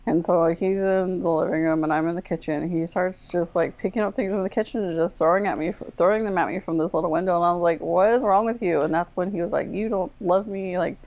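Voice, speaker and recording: A woman's voice: lowish voice, steady tone, fast, few pauses, darkish tone, rough recording. A woman, a military veteran, candidly recounting a personal story in an interview, with many "like"s and re-enacted quoted dialogue. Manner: candid, run-on retelling full of "like" and quoted dialogue. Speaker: guest, Air Force medic veteran.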